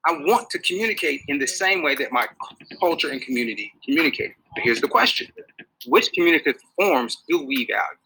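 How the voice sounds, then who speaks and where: A man giving a public talk to an audience, animated and full of rhetorical questions. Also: a little high, fairly quick, slight background noise, low-quality recording. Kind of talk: public lecture.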